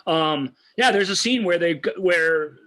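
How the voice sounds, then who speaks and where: A man's voice: sits high, a little slow, pushed and bright. A man co-hosting a movie show, talking casually and enthusiastically, often restarting his sentences. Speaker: co-host of a movie review show. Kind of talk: casual film discussion.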